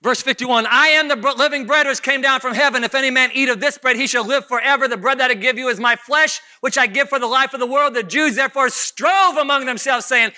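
A man preaching a sermon as pastor, swinging from low mutters to loud shouts. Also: a little fast, hardly any pauses.

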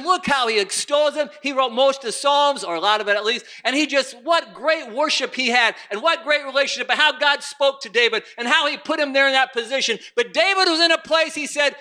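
A man's voice: very high-pitched, a little fast, few pauses, sharp tone. A man preaching a sermon, reading scripture aloud and driving his points with rising intensity. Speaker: pastor.

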